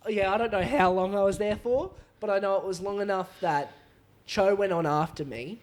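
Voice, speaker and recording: A young man with a slightly raised voice tells stories as a podcast guest. He talks in an animated, loose way, laughing often and stringing thoughts together with plenty of fillers. It is relaxed, conversational comedian chat. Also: high-pitched, moderate pace, slight background noise. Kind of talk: casual podcast storytelling.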